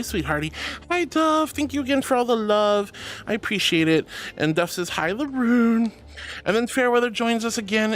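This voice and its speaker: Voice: medium pitch, a bit bright. A streamer in casual live-stream chat, thanking viewers and calling them sweetie and honey, laughing often.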